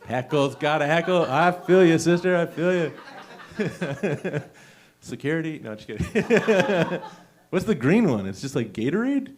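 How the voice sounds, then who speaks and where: A man's voice: fairly high pitch, animated, a little slow, a little hiss or hum. Self-mocking young man doing stand-up. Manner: chatty, self-mocking, laughs at own jokes. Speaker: stand-up comedian. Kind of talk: open mic stand-up set. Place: small comedy venue.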